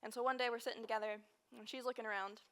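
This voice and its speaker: A woman's voice: on the high side, fairly even intonation, racing, fairly bright tone. A woman in her early twenties from Texas, a student giving an earnest personal storytelling speech with emphatic, repeated phrases. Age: early 20s. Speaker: student speaker.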